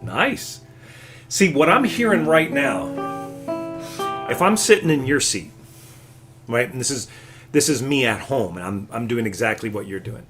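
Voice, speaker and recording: A man teaching a live classical guitar lesson, explaining patiently and warmly encouraging his student. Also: mid-range voice, very animated, a little slow, long pauses.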